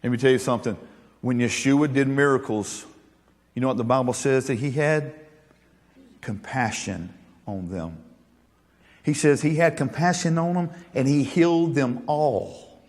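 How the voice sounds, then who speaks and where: A man's voice: mid-range voice, measured pace, pauses often, darkish tone, in a large hall. A male pastor preaching a sermon, folksy and joking, then earnest and emphatic.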